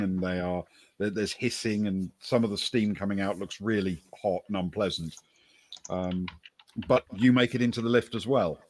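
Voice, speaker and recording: A man with a lowish voice runs a tabletop game, narrating each scene in an unhurried, pausing way. The sound is dry and close, with no room around it. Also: no room sound. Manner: descriptive, unhurried narration with many pauses. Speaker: game master.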